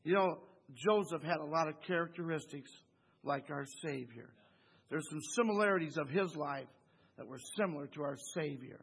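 A man's voice: fairly high pitch, moderate pace, gravelly, fairly bright tone, slight background noise. A man preaching a Bible study sermon who keeps asking the congregation "Amen?" and chuckles between phrases.

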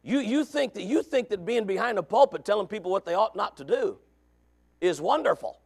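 A man preaching a sermon in a conversational way, moving from quiet asides to shouted points. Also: high voice, lively intonation, fairly quick, vocal fry, slightly rough. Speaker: pastor.

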